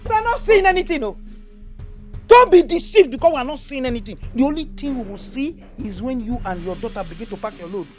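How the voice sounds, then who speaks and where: A taunting scornful rival. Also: female voice, high-pitched, sing-song, fast, a little mellow, faint music behind. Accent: Nigerian. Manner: mocking, taunting.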